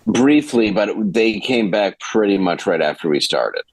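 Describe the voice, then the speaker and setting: A man's voice: on the low side, moderate pace, dry recording, rough recording. A man, a comedian guest, chatting casually on a podcast and telling a story with lots of laughter and acted-out quotes. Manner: animated storyteller, laughs often, acts out quotes.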